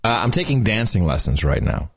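Middle-aged male co-host, playful, a touch husky, animated pitch. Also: a little fast. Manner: jokey, laughs often, gropes for words. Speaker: podcast co-host. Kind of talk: casual chat.

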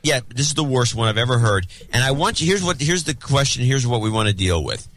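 A man co-hosting a casual chat show, rambling with restarts and quick asides. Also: mid-range voice, big pitch swings, fairly bright tone. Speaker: podcast co-host.

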